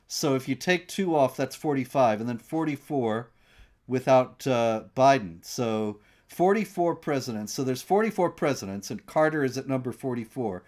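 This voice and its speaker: A man hosting a casual political chat in a conversational, sardonic way, with halting restarts. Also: mid-range voice, lively intonation, darkish tone. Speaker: host.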